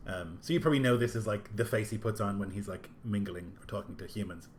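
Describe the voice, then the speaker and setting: A man's voice: lowish voice, fast, a little hiss or hum. A man playing a tabletop role-playing game, talking casually and rambling as he describes his character. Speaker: player. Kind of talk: tabletop role-play narration.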